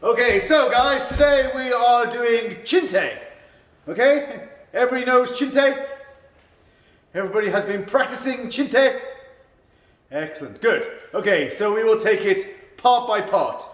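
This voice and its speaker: A man's voice: very high voice, expressive, unhurried, pauses often. A man teaching a karate class, calling out counts and commands to his students. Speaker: karate instructor. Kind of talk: teaching a martial arts class. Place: dojo hall. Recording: echoey hall, far from the mic.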